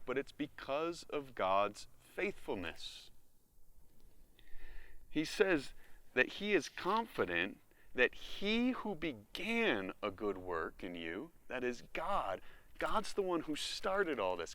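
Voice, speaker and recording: American man, pastor, sermon, slow delivery, bright tone, lively pitch. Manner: expressive preaching with acted-out inner voices.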